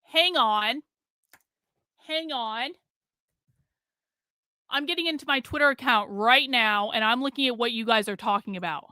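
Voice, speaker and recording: A woman's voice: a little high, measured pace, pauses often, bright, forceful tone, smooth, no room sound, studio quality. A middle-aged woman on a live stream, ranting in fury, swearing and repeating herself. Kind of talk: angry live stream rant.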